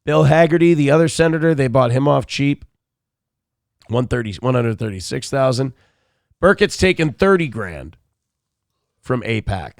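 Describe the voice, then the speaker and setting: He has a mid-range, animated voice at a moderate pace with long pauses, recorded dry in studio quality. A sick, cranky man, he hosts a live morning show of profane live-stream commentary, crudely mocking others with put-on voices.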